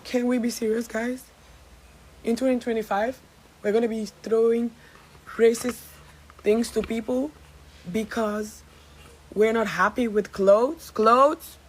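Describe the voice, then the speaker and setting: A woman from Gambia telling a casual story time to her followers, animated and sassy, with some swearing. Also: fairly high pitch, unhurried, long pauses, slight background noise, low-quality recording. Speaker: social media storyteller.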